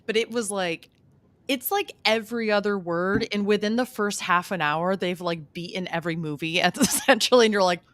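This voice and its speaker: A woman's voice: medium pitch, normal speed, fairly bright tone, no echo. A woman in her thirties, co-hosting a podcast, who chats and explains at length with lots of fillers. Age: 30s. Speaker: podcast co-host. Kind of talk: casual chat.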